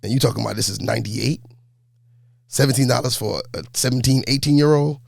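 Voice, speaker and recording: A man, a basketball coach telling his life story in a laid-back, animated way during an interview. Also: mid-range voice, fast talker, vocal fry, no room sound, studio quality. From New York. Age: 40s. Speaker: high school basketball coach.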